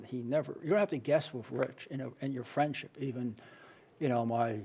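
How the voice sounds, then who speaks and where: Interview guest, male, gravelly and husky, earnest candid storyteller. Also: medium pitch, fairly quick, darkish tone. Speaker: interview guest, playwright and author.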